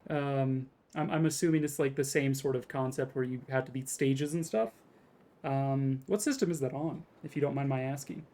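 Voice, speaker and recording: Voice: medium pitch, normal speed, warm tone. A game streamer chatting casually and jokingly with viewers during a live stream. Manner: chatty, jokey, greets viewers.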